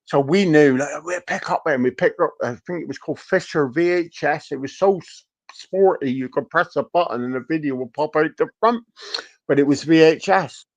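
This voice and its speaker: A somewhat high-voiced man tells swear-laden stories in a loose podcast chat. He acts out his family's voices as he goes. He sounds like he is in his forties. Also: normal speed. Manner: profane storyteller, animated quoting of family. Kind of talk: casual chat.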